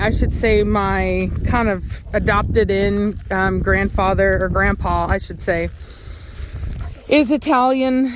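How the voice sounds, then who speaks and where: A woman chatting casually outdoors, loud and talkative, often calling out to her dogs. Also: on the high side, very noisy. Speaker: vlogger and dog breeder. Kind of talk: casual outdoor vlog chat. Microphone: handheld phone camera.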